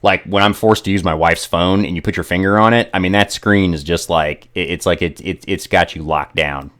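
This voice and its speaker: A man's voice: low-pitched, steady tone, a little fast, fairly bright tone. A man hosting a casual gaming live stream, joking and rambling with lots of fillers.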